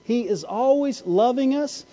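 A man's voice: extremely high pitch, lively intonation, unhurried, dark tone, highs cut off. A man preaching a sermon, asking the congregation "Amen?" and "Why?" again and again. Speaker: pastor.

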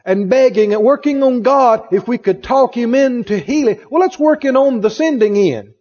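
A man's voice: very high-pitched, normal speed, a little mellow. A man preaching a sermon emphatically, repeating phrases and asking the congregation questions. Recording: dull lo-fi recording in a reverberant hall.

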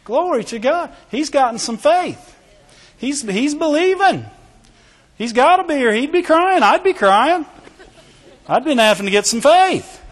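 A man preaching a sermon to a congregation, emphatic and animated, calling out exclamations and asking for answers from the room. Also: very high voice, measured pace, long pauses. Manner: emphatic, with call-and-response exclamations. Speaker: pastor. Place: church sanctuary with a congregation. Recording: long hall reverb.

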